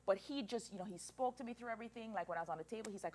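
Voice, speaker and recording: A woman in her thirties telling a personal story as an interview guest, animated and emotional, laughing through tears. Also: mid-range voice, racing, a little hiss or hum. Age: 30s.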